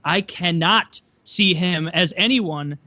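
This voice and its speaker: A high-voiced man chats casually as a podcast co-host, retelling scenes with lively put-on voices. The recording is dry and a bit muffled. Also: slow, no room sound. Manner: animated storyteller, acts out voices. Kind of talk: casual chat about TV shows.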